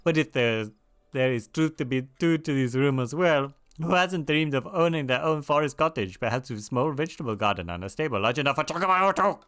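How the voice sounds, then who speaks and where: A genteel fantasy-game townswoman with a hammy put-on French accent, as a man plays her. She talks in an airy, theatrical way, the voice bright and forward. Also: mid-range voice, level tone, extremely slow, vocal fry, few pauses, clear, resonant tone, dry recording, heavily acted. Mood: gossipy.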